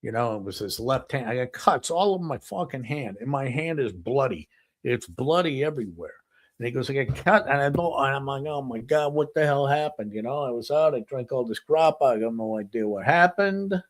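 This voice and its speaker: Brief: male talk host spinning a crude story, average pitch, lively delivery. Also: a little fast. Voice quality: animated, profane storytelling with many "he goes". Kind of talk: anecdotal storytelling on a talk show.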